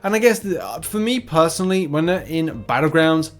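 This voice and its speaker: A man's voice: on the high side, big pitch swings, a little fast, soft background music. A man hosting a casual gaming news roundup, chatty and rambling, with frequent fillers and restarts.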